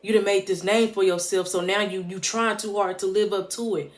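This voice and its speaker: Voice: mid-range voice, fairly even intonation, brisk. Emphatic, preachy vlogger giving life advice. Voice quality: emphatic, preachy, casual street-smart phrasing. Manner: direct, repeats points for emphasis. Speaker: motivational vlogger. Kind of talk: heartfelt motivational talk to camera.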